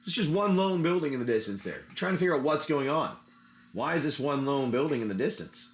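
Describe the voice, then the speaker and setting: A man's voice: a little high, expressive, fairly quick. A man hosts a laid-back trading card livestream, chatting to his viewers as he sorts cards. His talk rambles and loops back on itself, and he slips into spinning an adventure story off the cuff. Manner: rambling, chatty, talks while handling cards. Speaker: livestream host opening card packs. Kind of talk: casual livestream chat and improvised story narration.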